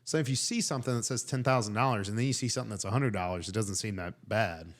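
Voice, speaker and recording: A man with a lowish voice co-hosts a casual comedy podcast. He rambles through long, animated stories, padding them with "like" and "uh" as he riffs. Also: fast. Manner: rambling, animated storytelling with many fillers. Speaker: podcast co-host.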